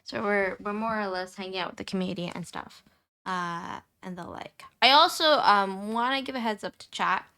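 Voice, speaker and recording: Talking casually to her stream audience, a young woman uses a high voice that can get squeaky. Her delivery rambles and repeats, packed with fillers, at a normal speed with a bright, forceful tone.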